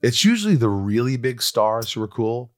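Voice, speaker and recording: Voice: mid-range voice, big pitch swings, moderate pace. A podcast host interviewing a guest, playful and jokey, often talking over them. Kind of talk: casual interview chat.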